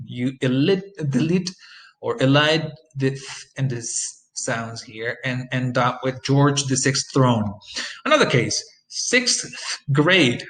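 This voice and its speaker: Man explaining English pronunciation slowly. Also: medium pitch, fairly bright tone, rough recording. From Costa Rica. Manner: explanatory, repeats example phrases slowly with fillers. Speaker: English phonetics instructor. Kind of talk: recorded pronunciation lesson.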